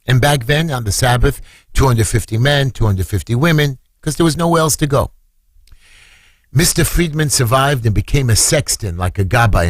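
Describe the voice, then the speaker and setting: A man's voice: no echo, studio quality. A middle-aged man tells an emotional story on the radio, with dramatic swings in his voice. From Brooklyn, New York. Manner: dramatic retelling, voice leaping high when acting out screams. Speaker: council candidate.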